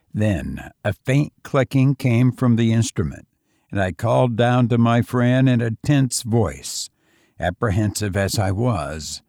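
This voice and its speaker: A man narrating a gothic horror tale in a slow, grave, measured reading. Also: lowish voice, vocal fry, a little mellow, no room sound, studio quality.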